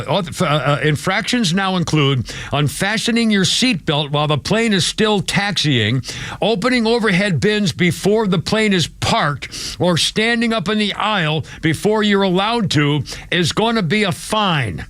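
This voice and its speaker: A man's voice: high-pitched, a bit bright, no room sound. A man hosting a live radio talk show, reading out news items in a rambling, chatty way with lots of fillers and asides.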